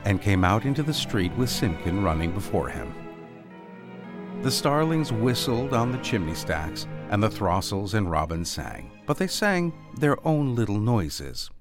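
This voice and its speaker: Expressive low-voiced male storyteller. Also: a little slow, over music. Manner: gentle, expressive read-aloud with soft dips. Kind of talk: storybook reading.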